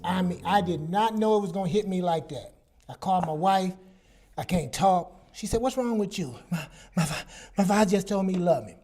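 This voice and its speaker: A man in his sixties telling personal stories on a talk show, animated and casual, acting out quoted dialogue. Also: high voice, a little fast. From Southern US. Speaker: guest psychologist.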